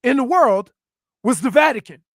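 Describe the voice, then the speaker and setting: Radio co-host, man with a high voice, earnest explainer, dry sound. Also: expressive, moderate pace, no echo. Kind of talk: casual studio banter.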